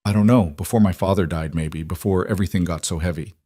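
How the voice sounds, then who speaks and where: A man's voice: sits low, fast talker, warm tone, no echo, studio quality. A man voicing an anxious, overwhelmed woman executive who talks in a shaky, apologetic, self-critical way. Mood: tearful.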